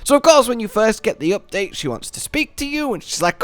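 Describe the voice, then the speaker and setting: Animated man talking game lore. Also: high-pitched, fairly quick, hardly any pauses, dry recording. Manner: playful, jokey wordplay, animated. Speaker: gaming video host.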